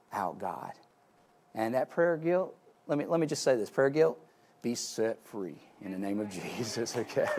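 Male pastor, mid-pitch, sermon delivery with big swings in volume, repetitive restarts. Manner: swings from loud exclaiming to soft hushed tones; repeats words and restarts phrases.

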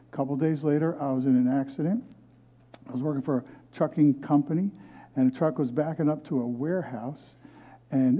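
Heard over phone-quality audio, a mid-range male voice belongs to an older guest pastor sharing his personal testimony during a sermon. He speaks earnestly and tells it as a story, often restarting, in a movie theater used as a church.

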